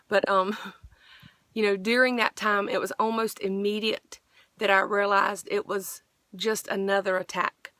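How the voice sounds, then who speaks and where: A woman's voice: medium pitch, flat delivery, a little slow, bright, forceful tone, dry recording. A middle-aged woman earnestly sharing a personal faith testimony, rambling with frequent restarts.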